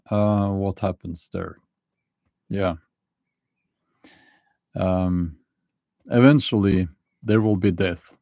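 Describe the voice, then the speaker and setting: Slow, gravelly Norwegian-accented man. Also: low-pitched, steady tone, warm tone, no room sound. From Norway. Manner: slow, hesitant, many fillers and dry laughs. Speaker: livestream host. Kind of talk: casual livestream chat.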